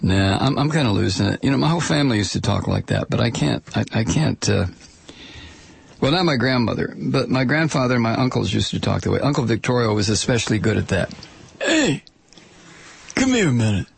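Man, political commentator, rambling, profane, husky voice, dry sound. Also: mid-range voice, fast, dry recording. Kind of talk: angry political commentary monologue.

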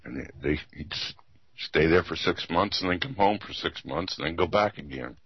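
A man's voice: sits low, moderate pace, husky, dry recording, dull audio. A man casually telling a rambling story in an easygoing way.

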